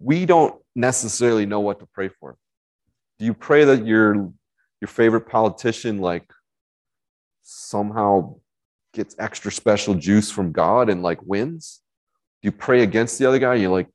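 A man's voice: fairly low pitch, expressive, normal speed, rough recording. A man preaching a conversational sermon, talking in a casual, rambling way with many fillers and restarts. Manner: casual, rambling, with frequent fillers and self-corrections. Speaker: Bible college teacher preaching.

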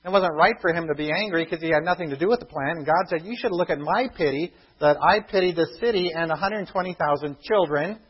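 A man preaching a sermon, retelling a story with lively acted-out thoughts and questions to the congregation. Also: on the high side, fast talker, few pauses, slightly rough, muffled recording. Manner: animated storytelling, acts out the characters' thoughts.

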